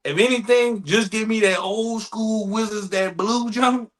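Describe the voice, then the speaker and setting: A man's voice: sits high, measured pace. A man co-hosting a podcast, chatting casually and joking around, often slipping into playful put-on voices. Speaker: podcast co-host. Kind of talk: casual comedic chat.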